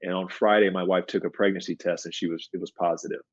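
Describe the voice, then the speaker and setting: A man's voice: deep voice, steady tone, fast, no room sound, highs cut off. A middle-aged man, a guest on an interview show, speaking earnestly and reflectively and repeating phrases for emphasis. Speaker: guest, former pro basketball player and mindset coach. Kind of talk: conversational interview storytelling.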